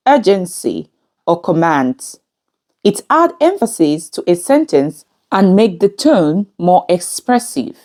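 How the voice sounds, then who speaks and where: A woman giving a scripted grammar lesson in a measured, instructive way. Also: medium pitch, darkish tone. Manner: measured, instructive, reads examples aloud. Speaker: English teacher.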